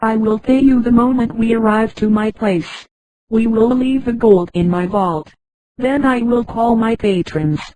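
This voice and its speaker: A text-to-speech woman's voice reading the lines of a middle-aged male treasure patron in a flat, unchanged voice. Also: a little high, unhurried, dry recording, close to an everyday voice, poor audio. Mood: plain. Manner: flat synthetic read, no change of voice.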